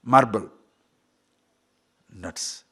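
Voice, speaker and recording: A man's voice: drawn-out words, bright, forceful tone. A man giving a spiritual talk, playful and laughing often, asking rhetorical questions. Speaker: spiritual teacher.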